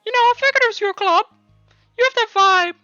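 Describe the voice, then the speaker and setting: Male reader voicing a small, brash teen girl, high squeaky voice, teases everyone, dry close sound. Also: a little fast, bright, forceful tone, dry recording, lo-fi sound, soft background music, heavily acted. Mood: teasing. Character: tiny, snarky, judgy teen girl.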